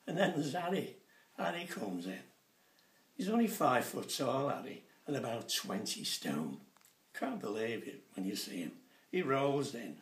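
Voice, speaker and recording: A man, doing stand-up comedy in a chatty, animated way and putting on voices for his jokes. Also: medium pitch, measured pace. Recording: roomy sound from a distant mic.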